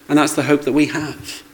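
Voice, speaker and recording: A man's voice: a little high, darkish tone, low-quality recording. A man preaching a sermon in a conversational way, with rhetorical questions and asides to the congregation.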